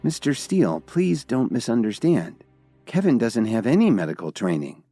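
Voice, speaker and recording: Man doing nervous young wife, pleading, bit higher than his own voice. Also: very animated, moderate pace, warm tone, soft background music. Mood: panicked. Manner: panicked, pleading. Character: anxious young wife, protective.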